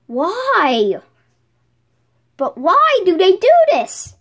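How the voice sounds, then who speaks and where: A woman's voice: extremely high pitch, huge pitch swings, very slow, a bit bright. A young woman making a casual home vlog, breaking into exasperated outbursts of disbelief. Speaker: vlogger.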